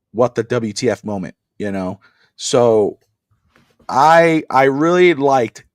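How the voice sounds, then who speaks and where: A man co-hosting a wrestling podcast, chatting casually and animatedly, acting out wrestlers' lines with sudden shouted bursts. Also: fairly low pitch, no room sound, studio quality. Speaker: podcast co-host. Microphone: podcast mic on a live stream.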